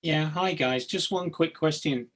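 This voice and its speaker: A man in the audience puts a question to the panel. He speaks slowly and starts a little hesitantly. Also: on the high side, fairly bright tone. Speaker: audience member asking a question. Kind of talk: question from the floor.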